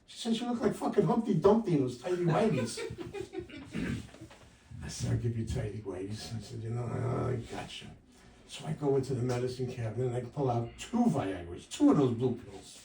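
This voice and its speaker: A man in his sixties doing a stand-up comedy set with wry, punchy delivery, jumping louder for quoted lines. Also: mid-range voice, wildly swooping pitch, brisk, vocal fry, a little hiss or hum. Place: comedy club stage. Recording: roomy live sound from a distance.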